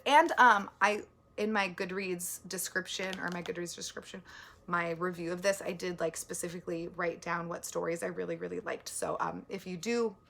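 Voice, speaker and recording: With slight background noise, a woman speaks in a pushed, bright, medium-pitched voice as she vlogs about her month's books. Earnest and quickly moved, she rambles casually, packing in many likes and ums.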